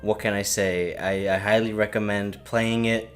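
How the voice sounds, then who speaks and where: A man's voice: on the low side, level tone, moderate pace, soft background music. A tipsy man on a podcast, rambling loosely through a story and laughing at his own bits. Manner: rambling, laughing, silly put-on quote voices. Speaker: podcast co-host. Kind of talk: casual drunken story retelling.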